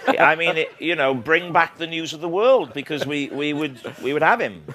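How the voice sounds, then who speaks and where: A man's voice: on the high side, sing-song, normal speed, few pauses, noisy background. Welsh man, playful and self-mocking. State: slight sore throat. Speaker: author and comedian guest. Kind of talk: casual interview chat.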